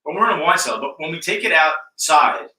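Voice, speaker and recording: Man co-host, very bright and sharp tone, slightly high, off-mic in an echoey cellar, teasing. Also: big pitch swings, a little fast. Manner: joking, teasing, swears casually. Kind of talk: casual live-show banter. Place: wine cellar. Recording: echoey room, distant mic.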